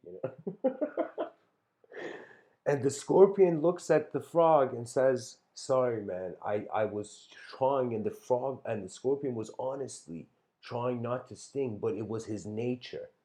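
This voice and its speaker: A man's voice: medium pitch, lively intonation, slow pace, dark tone. A man giving a talk, telling a story in a laid-back, rambling way with lots of fillers and restarts. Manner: chuckles between phrases. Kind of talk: casual spoken storytelling and reflection.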